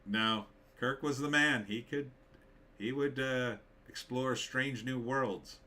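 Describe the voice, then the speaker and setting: A man's voice: mid-range voice, fairly even intonation, slow pace, pushed and bright. A man hosting a live stream, reading viewer comments aloud and answering them with blunt, dismissive opinions and many fillers.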